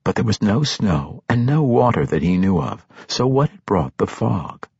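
A man narrating a fantasy novel with expressive storytelling, slowing for suspense. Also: lowish voice, vocal fry, breathy edge, no room sound, muffled recording. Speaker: audiobook narrator.

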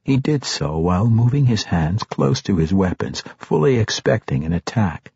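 A man with a husky voice, reading a novel aloud in a measured, steady manner. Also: sits low, no echo. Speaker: audiobook narrator. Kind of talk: scripted narration. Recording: dull, dry, muffled.

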